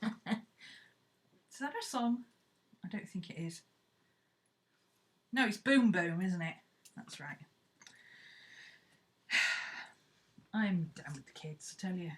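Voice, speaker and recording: A woman's voice: lowish voice, expressive, slow, long pauses. A woman chatting casually and playfully, thinking aloud as she works on a craft project. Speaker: craft vlogger.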